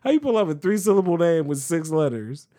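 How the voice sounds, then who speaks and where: A man's voice: a little high, big pitch swings, a little fast, mellow, dry recording, clean studio sound. A man co-hosting a podcast, talking in a casual, exasperated way and laughing through his protests. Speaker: podcast co-host. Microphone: podcast microphone.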